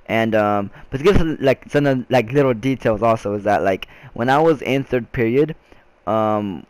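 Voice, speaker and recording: Young male vlogger, casual rambling storytelling, mid-pitched voice, dry recording. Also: expressive, normal speed, a little mellow, no echo. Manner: rambling, frequent restarts and filler words.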